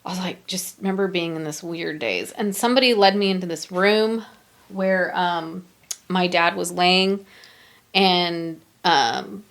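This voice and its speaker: Emotional woman with a gravelly low voice. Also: a bit bright. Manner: emotional, halting, many fillers. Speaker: podcast host. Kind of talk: personal storytelling.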